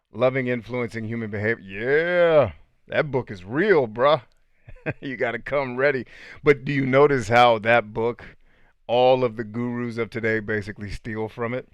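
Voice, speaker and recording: A man hosting a casual livestream, reading out viewer comments and answering them in a laid-back, slangy way, often clearing his throat. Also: medium pitch, no echo.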